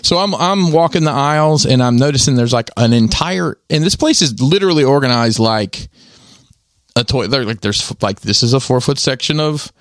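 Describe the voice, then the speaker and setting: A man's voice: medium pitch, normal speed, no echo, clean studio sound. A man hosting a podcast in casual chat, telling stories in a rambling way with many restarts and chuckles. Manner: rambling storyteller with restarts and laughs. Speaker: podcast host.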